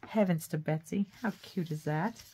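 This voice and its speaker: A woman's voice: low-pitched, moderate pace, mellow, husky. Folksy chatty woman crafting. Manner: chatty, talks to herself while working, hums and sings nonsense sounds; folksy sayings, playful. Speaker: craft channel host. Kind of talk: casual craft tutorial chat.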